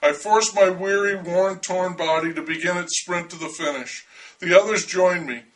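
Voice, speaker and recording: A man's voice: sits high, steady tone, normal speed, fairly bright tone, recorded from a distance, rough recording. A man narrating a first-person story in a dry, wry way.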